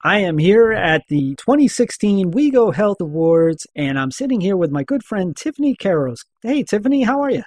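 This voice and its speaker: A man's voice: high-pitched, big pitch swings, moderate pace, few pauses, a little mellow, no echo, clean studio sound. A man hosting a podcast interview at an awards event, chatty and given to restarts and repeated okays. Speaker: podcast host. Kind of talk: conversational interview.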